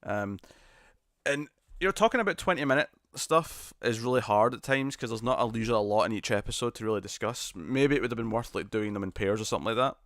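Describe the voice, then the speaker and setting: A man hosting a live stream, chatting casually and reading viewer comments, self-deprecating and quick to laugh. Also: medium pitch, fairly bright tone, no echo, clean studio sound. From United Kingdom.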